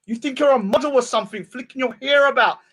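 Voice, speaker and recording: Mocking high-voiced man. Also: fast, a bit bright. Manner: mocking and insulting, mimics his target in a whiny voice. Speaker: street preacher and debater. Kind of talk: taunting rant addressed to a rival. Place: outdoors at a public speaking spot.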